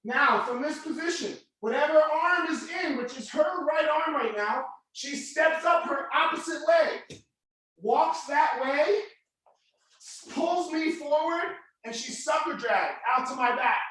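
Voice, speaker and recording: Guy coaching jiu-jitsu over a video class, loud and yelling, kinda high voice, echoey mat room. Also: a little slow. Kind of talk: live online class instruction.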